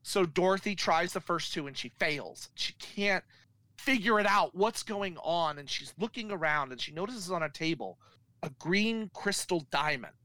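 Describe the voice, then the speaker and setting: Bright, animated man retelling a film. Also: sits high, moderate pace, no echo, low-quality recording. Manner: animated storyteller acting out characters. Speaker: podcast co-host. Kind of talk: casual film recap.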